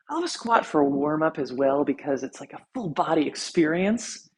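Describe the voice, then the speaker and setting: A woman fitness instructor talking a follow-along workout while she exercises, counting reps, out of breath, relaxed and encouraging. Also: mid-range voice, fairly quick, hardly any pauses, breathy edge.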